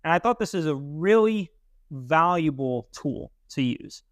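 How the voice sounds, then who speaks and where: A young man talking through a concept on a podcast, emphatic and casual, with the odd curse word. His voice runs slightly high, and the recording is dry and close. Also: expressive, unhurried, dry recording. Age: young adult. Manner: emphatic and explanatory, casual swearing. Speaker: podcast co-host. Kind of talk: casual chat.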